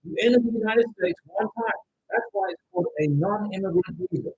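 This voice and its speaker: Loud, animated man hosting a livestream. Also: sits high, a little fast, narrow, tinny audio, slight background noise. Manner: loud, animated, at times yelling. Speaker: livestream host giving visa advice. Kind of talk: casual livestream chat reading viewer comments. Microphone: home microphone with interference noted by viewers.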